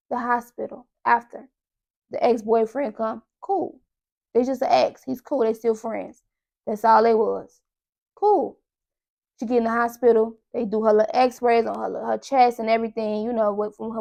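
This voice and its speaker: A young adult woman hosting a podcast, telling a story in a casual, animated monologue and talking straight to her listeners. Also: on the high side, creaky. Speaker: podcast host.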